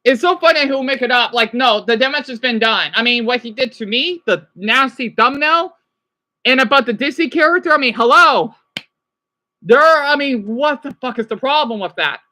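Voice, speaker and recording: A man with a high, sharply bright voice rants agitatedly to a live stream audience. His pitch swings widely as he swears, trips over his words and snaps back at the chat. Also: animated, normal speed. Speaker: livestreamer. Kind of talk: ranting live stream monologue.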